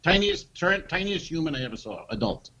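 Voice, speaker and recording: A man co-hosting a comedy podcast, telling an animated anecdote and acting out what people said. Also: on the high side, fairly quick, lo-fi sound, a crowd in the background. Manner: animated anecdote teller, acts out quotes, swears. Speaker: podcast co-host. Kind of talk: comedic storytelling chat.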